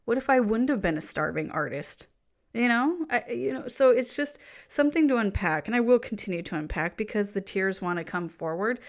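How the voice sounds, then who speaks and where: A woman hosting a solo reflective podcast, talking gently and encouragingly straight to the listener, chatty, with fillers and self-corrections. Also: on the low side, creaky. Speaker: podcast host.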